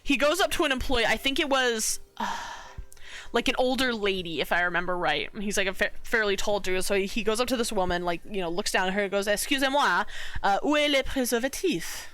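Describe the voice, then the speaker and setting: A woman's voice: mid-range voice, fast, fairly bright tone. A woman streamer telling a story to her chat in a casual, rambling way, full of fillers and the odd swear. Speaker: art streamer.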